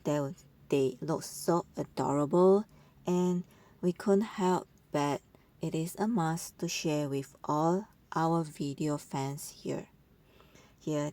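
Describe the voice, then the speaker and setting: A woman's voice: low-pitched, dark tone. A woman narrating a voice-over for an animal compilation, gushing and cooing over how cute the animals are. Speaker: channel narrator.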